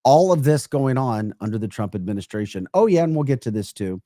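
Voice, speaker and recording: A man co-hosting a political talk podcast, upbeat and animated, laughing often as he talks. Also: medium pitch, a little fast, no echo, clean studio sound. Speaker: podcast co-host.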